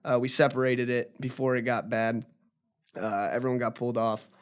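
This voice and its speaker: A man's voice: mid-range voice, steady tone, normal speed, smooth. A young man telling a story casually as a podcast guest, rambling with lots of fillers and restarts. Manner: rambling, filler-heavy retelling with frequent restarts.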